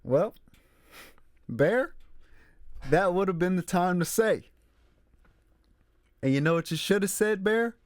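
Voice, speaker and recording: Animated man reviewing a movie. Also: high voice, slow pace, long pauses, dry recording. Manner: animated, emphatic, repeats phrases. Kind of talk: casual solo commentary. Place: room with a squeaky chair.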